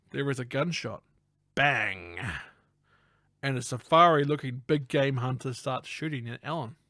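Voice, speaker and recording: A man's voice: medium pitch, fairly bright tone, no room sound. Man recapping a film, dry close mic. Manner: retells the plot and acts out lines in voices, laughs often. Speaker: film review podcast co-host. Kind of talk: casual film recap chat.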